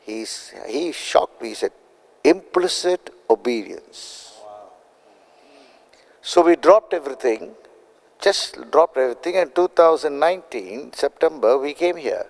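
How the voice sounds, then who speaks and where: An older man from India, a guest telling his testimony in an animated way and acting out quoted dialogue. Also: moderate pace, poor audio. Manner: acts out quoted dialogue with big pitch jumps. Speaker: guest prophet.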